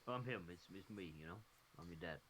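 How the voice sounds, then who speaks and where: A man's voice: deep voice, animated, brisk, a bit bright, a little hiss or hum, voice pushed down. A man doing a mumbling action-hero space villain.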